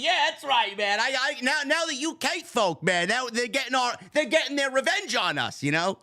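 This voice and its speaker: A man with a New York accent, host of a wrestling review show, ranting in a loud, profane, mock-annoyed way and shouting at times. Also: very high voice, big pitch swings, normal speed, hardly any pauses. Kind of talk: profane comedic rant.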